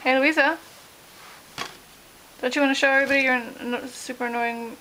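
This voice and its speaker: A woman's voice: sits high, steady tone, normal speed, bright, forceful tone, low-quality recording. A woman in a home video coaxing a toddler with sing-song baby talk. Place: family home indoors. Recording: home camcorder with noticeable background noise.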